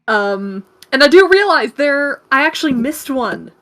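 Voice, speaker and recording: A woman's voice: sits high, big pitch swings, measured pace, a bit bright. A woman co-hosting a casual gaming podcast, giggling often as she explains things. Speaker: podcast co-host. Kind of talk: casual chat.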